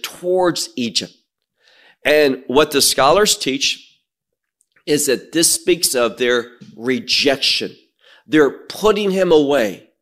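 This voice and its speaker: A man delivers a sermon at a slow, deliberate pace, reading verses aloud and explaining them word by word. His voice sits a little high for a man. It swings widely in pitch as he stresses each point. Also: fairly bright tone. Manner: slow, emphatic, reads scripture aloud with word study. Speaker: Bible teacher.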